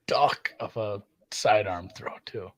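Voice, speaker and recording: A man from Minnesota, co-hosting a live sports betting stream, telling stories in an animated way and laughing often. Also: lowish voice, slow, low-quality recording. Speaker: podcast co-host. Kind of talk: casual sports betting chat.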